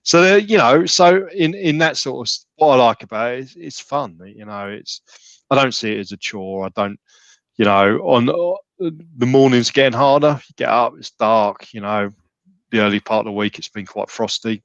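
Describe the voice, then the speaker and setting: A man's voice: medium pitch, lively intonation, moderate pace, no echo, highs cut off. A man talking casually as a podcast guest, rambling with many restarts and fillers. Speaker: gym member guest.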